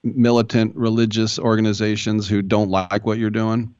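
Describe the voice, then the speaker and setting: A man's voice: on the low side, level tone, moderate pace, a little mellow, clean tone, dry recording, lo-fi sound. A man hosting a sports radio show, talking in a loose, chatty way with jokey asides. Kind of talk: casual talk radio interview.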